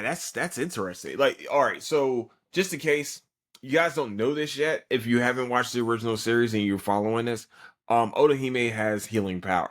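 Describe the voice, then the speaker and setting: A man's voice: on the low side, fairly bright tone. A tired man hosting a podcast, recapping an anime episode in a rambling, profane way with lots of fillers. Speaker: podcast host.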